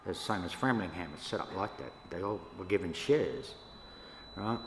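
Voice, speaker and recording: An older Australian man, a First Nations elder, telling stories to an audience in a relaxed, yarning way with laughs between them. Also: deep voice, normal speed. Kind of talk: storytelling talk to an audience. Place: church hall. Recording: echoey hall, faint room noise.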